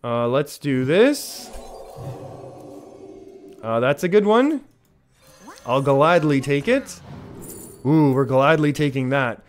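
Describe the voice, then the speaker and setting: A man streaming a card game, chatting casually with his viewers and reacting with excitement to each play. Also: medium pitch, takes it slowly, pauses often. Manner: chatty, reads chat aloud, excitable. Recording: faint music behind.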